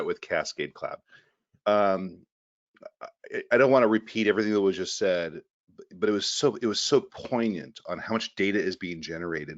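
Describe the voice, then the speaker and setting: A man giving an energetic webinar presentation over a video call, often repeating words as he goes. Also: deep voice, muffled recording. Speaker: guest presenter from a data company.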